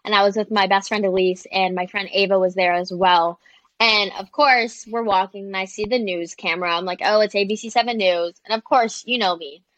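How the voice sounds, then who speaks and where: With no echo, a young woman's medium-pitched voice comes through a little fast as she, a social media creator and interview guest, animatedly recounts stories. Her speech is loaded with "like"s, and she often quotes people.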